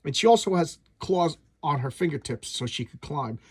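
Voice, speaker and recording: Husky man rambling through a comic review. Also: a little high, lively intonation, normal speed, a little mellow, dry recording. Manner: rambling, blunt, restarts often. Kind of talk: casual comic book review.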